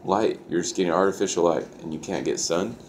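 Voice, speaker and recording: A man's voice: deep voice, brisk, slight background noise. A young man telling a personal story in a loose, profane way, full of "like" fillers. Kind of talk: casual storytelling.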